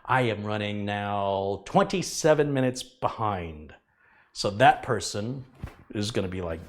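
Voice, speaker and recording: A man's voice: on the low side, lively intonation, a little slow. A middle-aged man hosting a casual live stream, talking earnestly and emphatically and repeating his points to drive them home. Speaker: livestream host, computer repair technician.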